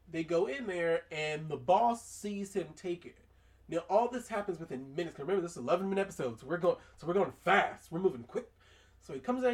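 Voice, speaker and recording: A man's voice: fairly high pitch, distant mic. A man hosting a podcast, casually recapping a cartoon episode and acting out the characters' lines in raised voices. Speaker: podcast host.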